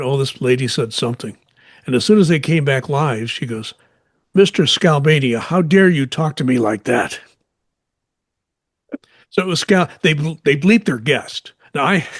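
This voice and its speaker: Male former radio host, mid pitch, dry close sound, casual chat full of stories. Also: husky, dry recording.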